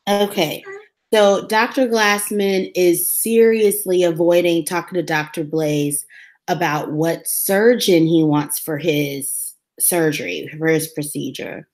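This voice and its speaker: Animated woman recapping a TV episode. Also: lowish voice, slow. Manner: animated retelling, acting out characters' lines. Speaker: podcast co-host recapping a TV episode. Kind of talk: casual chat.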